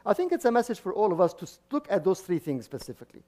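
High-voiced priest preaching, halting restarts. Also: male voice, huge pitch swings, dark tone. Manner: frequent restarts and repeated words, chuckling asides. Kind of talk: sermon.

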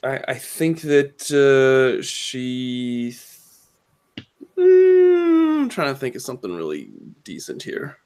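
A man answers the game master at a tabletop game, searching for his words. He speaks very slowly, with long pauses between fragments. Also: mid-range voice, wildly swooping pitch, a little mellow, smooth. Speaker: player. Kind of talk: casual tabletop play.

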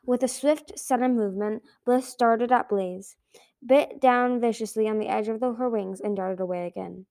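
Woman narrator, mellow and warm, earnest amateur audiobook reading. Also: fairly high pitch, moderate pace, creaky. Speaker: audiobook reader.

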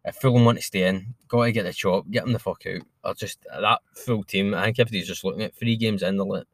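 Sweary man, low dry voice. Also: quick pace, no room sound. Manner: sweary, blunt and excitable. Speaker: podcast co-host. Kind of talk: casual football chat.

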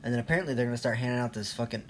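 A man's voice: mid-range voice, rapid-fire, noisy background. A man in his thirties ranting in a rambling, profane, sarcastic monologue, laughing at himself now and then. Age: 30s. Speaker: vlogger.

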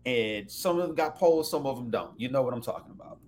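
A man telling a story in casual chat, animated and profane, often laughing. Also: fairly high pitch, quick pace, gravelly, a little hiss or hum.

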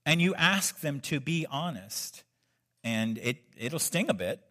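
A male pastor giving a sermon, talking to the congregation in a relaxed, conversational way. He breaks in with joking asides. His voice sits slightly high for a man. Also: a little slow.

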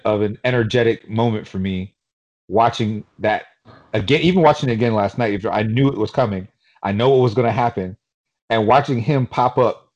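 A man from Queens, New York, co-hosting a podcast in casual chat, telling stories in an animated, rambling way with lots of fillers. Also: medium pitch, muffled recording. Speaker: podcast co-host.

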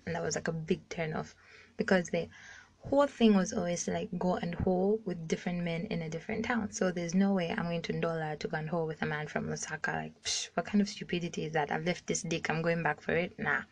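A woman's voice: fairly low pitch, vocal fry. A young woman in her twenties from Zambia telling a frank personal story in a casual voice message, talking bluntly, swearing freely and using "like" as a filler often. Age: 20s. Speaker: caller sharing a story. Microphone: phone voice message.

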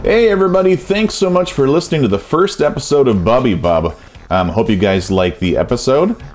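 A man's voice: mid-range voice, animated, fairly quick, darkish tone, faint music behind. A middle-aged man hosting his own podcast, talking casually in a rambling way with lots of ums and uhs. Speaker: podcast host.

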